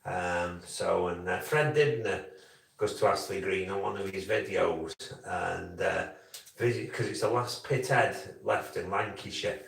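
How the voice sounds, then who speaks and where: A man's voice: deep voice, measured pace, creaky, fairly bright tone. Man with a frog in his throat, rambling livestream host, casual chat, humming between thoughts, echoey room, far from mic. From England. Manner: rambling, breaks into humming and crooning.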